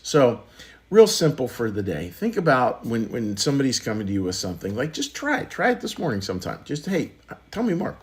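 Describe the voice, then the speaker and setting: A man giving a short, conversational sermon as pastor on a church livestream, often repeating and restarting phrases. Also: medium pitch.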